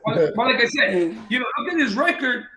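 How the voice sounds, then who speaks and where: A boxing trainer telling a long story in casual talk, acting out the voices of the people in it. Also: male voice, very high-pitched, brisk, reverberant, crowd noise, rough recording. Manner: animated anecdote-telling, acting out quoted dialogue.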